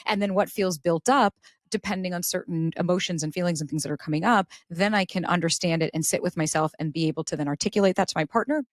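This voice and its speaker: Podcast guest, woman, lower voice, animated storyteller, dry close mic. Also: fast, no room sound. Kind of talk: casual interview talk.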